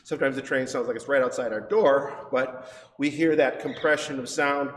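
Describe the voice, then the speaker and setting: A man's voice: mid-range voice, fairly even intonation, moderate pace. A man teaching a livestreamed science demo in a chatty, rambling way, correcting himself and laughing often. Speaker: science center educator. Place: science center exhibit hall. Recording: echoey hall with faint noise.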